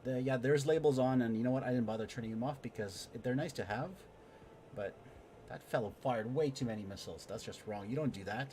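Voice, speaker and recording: A man streaming a flight sim, explaining his systems and muttering excited remarks while he fights. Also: medium pitch, a little fast, a little hiss or hum. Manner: excitable, mutters to himself mid-dogfight. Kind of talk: live gameplay commentary and tutorial.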